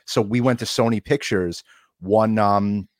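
Male co-host, animated anecdotes, lowish voice, dry recording. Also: unhurried, no echo. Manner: animated storyteller. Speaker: podcast host. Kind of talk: casual interview chat.

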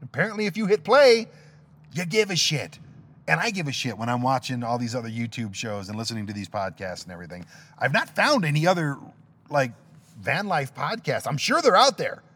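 A man's voice: medium pitch, sing-song, brisk, sharp tone, slightly rough. A middle-aged man hosting his own podcast alone, rambling casually and cracking self-deprecating jokes. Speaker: podcast host. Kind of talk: casual solo podcast monologue.

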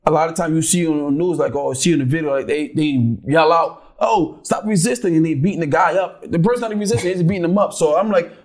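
A man's voice: fairly high pitch, quick pace, hardly any pauses. Rambling young man telling a story. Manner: animated, rambling, many restarts. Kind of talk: casual storytelling.

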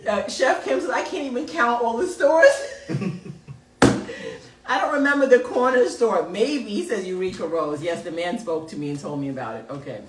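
A middle-aged woman with a mid-range voice and lively intonation hosts a casual live call-in show at a moderate pace. She reads viewer comments aloud and laughs often, recorded on a roomy, distant mic with faint background noise.

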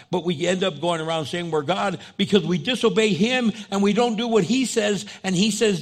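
A man's voice: high voice, fairly quick, few pauses. A man pastor giving a sermon in a conversational preaching style, repeating phrases and restarting often.

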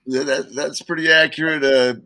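Interview guest, male, low and forceful timbre, dry close sound, loose storyteller with restarts. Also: steady tone, moderate pace, dry recording. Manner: rambling, chuckling, many restarts. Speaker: guest musician.

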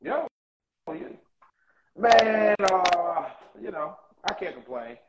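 A relaxed, slangy man chatting on a podcast, his pitch swinging animatedly from phrase to phrase. He sounds a little tired and yawns now and then. The room is echoey with a faint hiss behind him. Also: slow pace. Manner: laid-back, slangy, playful, sings a bit. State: yawning, tired. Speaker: podcast co-host. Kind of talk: casual chat. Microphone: earbuds.

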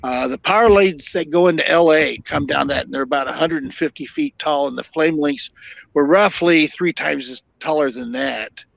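An older man, a podcast guest and former fire captain, telling long stories in a halting way with many fillers and restarts. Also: on the high side, creaky, a bit bright, dry recording. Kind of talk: storytelling interview. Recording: dull lo-fi dry sound.

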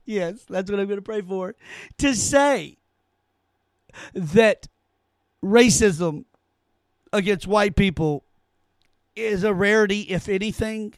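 A man's voice: high voice, slow, pauses often, dry recording. A man hosting a solo commentary podcast, ranting in a heated, sarcastic way and often stammering as he reads aloud and reacts. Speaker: podcast host.

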